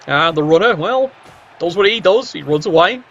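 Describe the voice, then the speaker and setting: A man commentating a video game match, tossing in sardonic quips and letting his voice leap upward for effect. His speaking voice sits high for a man. The recording sounds a little dull and muffled, with a faint hiss running underneath. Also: lively intonation, moderate pace, a bit bright. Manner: cheeky, sardonic asides with sudden pitch jumps.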